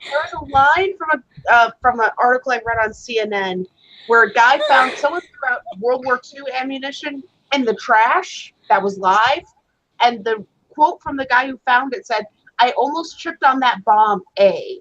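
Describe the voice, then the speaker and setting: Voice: high-pitched, normal speed, sharp tone, dull audio, a little hiss or hum. A stream guest telling a short story between giggles in casual banter.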